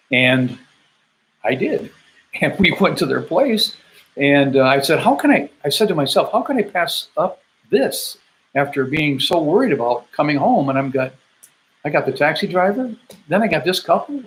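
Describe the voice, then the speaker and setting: A man's voice: a little high, a bit bright, poor audio. A man in his seventies from Michigan, a Vietnam veteran casually telling his homecoming story, rambling with fillers and acting out the dialogue. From Grand Rapids, Michigan, USA. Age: 70s. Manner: rambling, acts out quoted dialogue, frequent fillers and restarts. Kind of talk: casual first-person storytelling.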